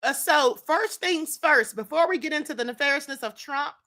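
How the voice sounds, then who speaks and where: A woman's voice: high voice, animated, normal speed, bright, forceful tone. A woman hosting a live stream, reading viewers' chat comments and chatting casually in a sassy tone, often calling her listeners "honey" and "child.".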